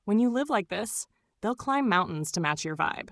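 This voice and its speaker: Woman narrating a script, sugary and doting, mid pitch, dry no-room sound. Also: expressive, moderate pace, fairly bright tone, no room sound. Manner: gushing, doting, full of pet names.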